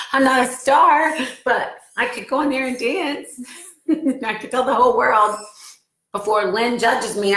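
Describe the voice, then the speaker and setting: A woman's voice: medium pitch, a bit bright, reverberant. A woman in her forties talking casually and earnestly to her followers on a live stream from home, getting emotional as she speaks. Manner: emotional, earnest, gets choked up.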